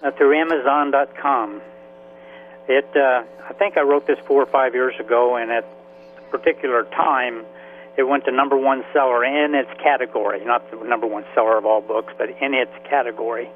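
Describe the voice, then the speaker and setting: A man in his seventies, a veteran and author, telling his story in a halting, emotional way with many restarts. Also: mid-range voice, steady tone, faint music behind. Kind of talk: radio interview by phone. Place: Florida. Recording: tinny phone line with faint hiss.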